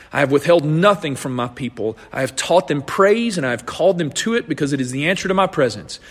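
Husky-voiced pastor preaching in a reverberant hall. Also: male voice, on the high side. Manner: earnest, repeats and restarts phrases while explaining scripture. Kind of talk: sermon.

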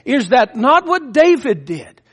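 High-voiced impassioned male preacher. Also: sing-song, measured pace, a bit bright. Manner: impassioned, rising and falling emphasis. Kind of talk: sermon.

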